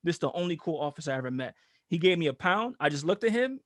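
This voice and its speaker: Podcast co-host, male, high voice, animated and profane storyteller, dry close sound. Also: quick pace, dry recording. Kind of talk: casual storytelling chat.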